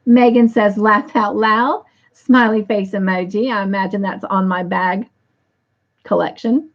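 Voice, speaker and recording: A woman's voice: mid-range voice, lo-fi sound. A woman hosting a casual livestream, reading viewer comments aloud in an affectionate way. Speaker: livestream host.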